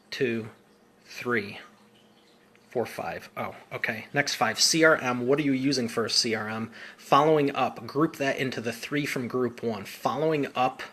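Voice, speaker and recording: A man's voice: mid-range voice, sharp tone, a little hiss or hum. Upbeat casual man coaching business. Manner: casual, upbeat, informal slang. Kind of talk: live Q&A answering viewer comments.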